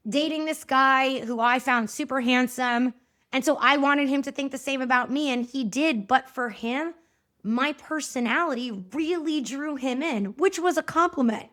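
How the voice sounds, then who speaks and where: A high-pitched woman in her thirties hosts a solo podcast talk. She speaks to her listeners directly, in a chatty, animated, encouraging way. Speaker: podcast host.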